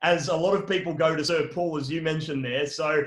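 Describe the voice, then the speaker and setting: A man's voice: fairly high pitch, brisk. A man hosting an interview show, upbeat and a bit theatrical, reading a scripted intro before asking questions. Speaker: podcast host. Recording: roomy echo.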